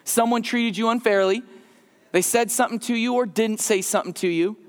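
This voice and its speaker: A man preaching a conversational sermon as a pastor in a church, slowing and dropping his voice for emphasis. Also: extremely high pitch, smooth, in a large hall. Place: church sanctuary.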